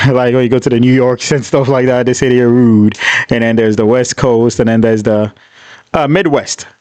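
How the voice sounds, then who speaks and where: A man hosting a reaction video, chatting in an excitable, casual way and explaining his thoughts. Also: medium pitch, smooth, dry recording.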